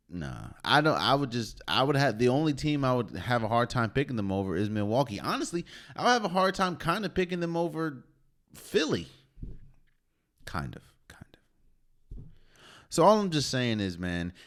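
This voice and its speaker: A man's voice: mid-range voice, a bit bright. A man hosting a solo podcast, talking casually and conversationally, often repeating himself and restarting phrases. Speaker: podcast host. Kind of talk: solo sports talk.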